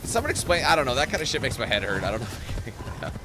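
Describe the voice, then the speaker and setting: A man's voice: mid-range voice, big pitch swings, very fast, noisy background. A man from Canada giving joking, profane gameplay commentary in a rambling, playful way. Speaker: gaming commentator. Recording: game music loud underneath.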